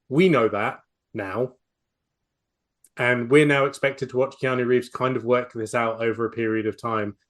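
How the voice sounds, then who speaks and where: A man with a New Zealand accent, hosting a casual film-review podcast with wry, sweary asides and frequent laughs. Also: medium pitch. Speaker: podcast host.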